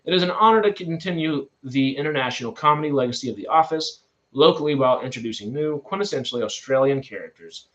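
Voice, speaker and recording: A man's voice: mid-range voice, lively intonation, fast talker, fairly bright tone. A man in his twenties hosting film news, reading items and then chatting about them with loose asides and restarts. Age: 20s. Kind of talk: casual news commentary.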